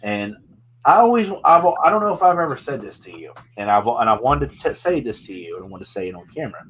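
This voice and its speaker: A man's voice: medium pitch, sing-song, fast, a bit bright, poor audio. A man hosting a casual podcast chat, talking in an earnest, rambling way and often repeating himself. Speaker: podcast host.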